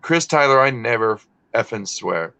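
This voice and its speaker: Guy rambling on a live stream, bright forceful voice, keeps cutting himself off, kinda muffled audio. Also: medium pitch, expressive, normal speed, creaky. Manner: rambling, self-interrupting, swears freely. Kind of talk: casual chat while working.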